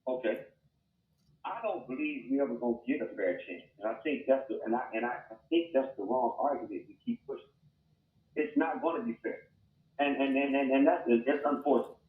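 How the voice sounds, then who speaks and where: A man's voice: medium pitch, fairly quick, echoey room. Stammering man on a tinny remote line. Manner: earnest, stammers and repeats words. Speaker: podcast co-host. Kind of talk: heated debate.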